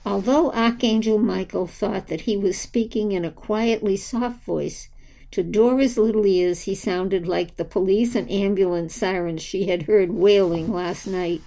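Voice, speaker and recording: A woman reads a children's story aloud with a gentle, unhurried delivery. Her voice is mellow and soft at the edges, pitched in an ordinary middle range. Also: steady tone, poor audio. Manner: slow, gentle storybook reading. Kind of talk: scripted narration of a children's story.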